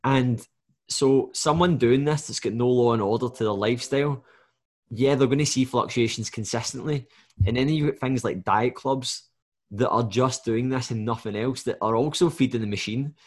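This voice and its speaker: A man's voice: mid-range voice, moderate pace. A man, a fat loss coach, talking bluntly in a casual podcast chat and swearing freely as he acts out what clients say.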